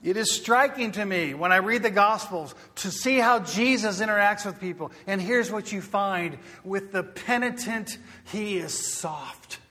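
Preacher swinging from shouts to whispers. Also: male voice, sits high, normal speed, hardly any pauses, long reverb tail. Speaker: pastor. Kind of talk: sermon. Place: church sanctuary.

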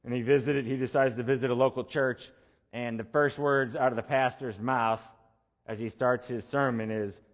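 A male pastor preaches a sermon in an easy, conversational way, hammering points home by repeating phrases. His voice sits at an ordinary middle pitch. It carries a long reverb, as in a large hall. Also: fairly even intonation, normal speed. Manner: conversational preaching with emphatic repetition.

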